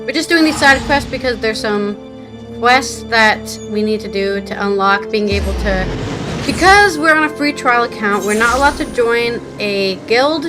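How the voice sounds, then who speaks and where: A woman streamer talking her way through a game in loose, casual chat, swearing and laughing freely. Her voice sits a little high. Game music plays clearly in the background. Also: lively intonation, moderate pace. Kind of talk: casual live-stream commentary.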